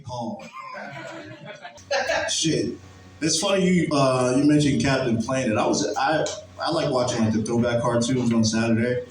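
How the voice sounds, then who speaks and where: A man from Virginia doing a casual, profane stand-up set and chuckling at his own jokes. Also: mid-range voice. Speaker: stand-up comedian. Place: comedy club stage. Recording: echoey club, distant mic, audience noise.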